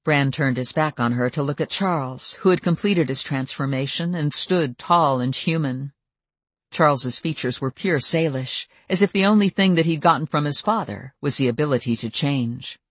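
Audiobook narrator, mid-pitched, steady storytelling, dry close recording. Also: normal speed, dry recording.

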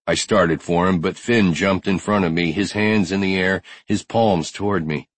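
A man's voice: low voice, steady tone, normal speed, no echo. A man narrating a first-person audiobook with tense, driven storytelling.

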